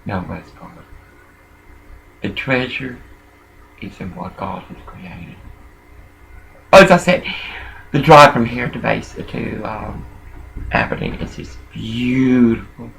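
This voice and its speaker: An older man talks slowly in a rambling monologue, his voice gravelly with a tense, bright edge. He jumps from thought to thought and swings between low muttering and sudden loud bursts. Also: animated, slight background noise, poor audio.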